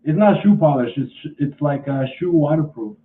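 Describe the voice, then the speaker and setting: A man's voice: a little high, lively intonation, reverberant, recorded from a distance, narrow, tinny audio. A man casually vlogging at home, rambling and restarting his sentences as he talks through a chore. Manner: rambling, repeats himself, halting restarts.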